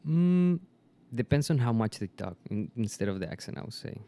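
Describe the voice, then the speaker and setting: Spanish-speaking man, halting and smooth-voiced. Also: medium pitch, very animated, mellow. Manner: halting, searching for English words. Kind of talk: casual chat.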